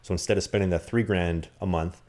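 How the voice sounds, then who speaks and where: A man co-hosting a podcast, telling rambling, animated stories in casual chat. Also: deep voice, brisk. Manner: animated, rambling anecdotes with acted-out quotes. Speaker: podcast co-host. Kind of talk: casual storytelling.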